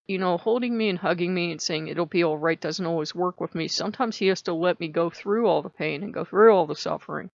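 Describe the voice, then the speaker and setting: Animated woman venting in a vlog. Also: fairly low pitch, gravelly, no echo. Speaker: channel host. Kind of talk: casual personal vlog. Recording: dull, lo-fi dry recording.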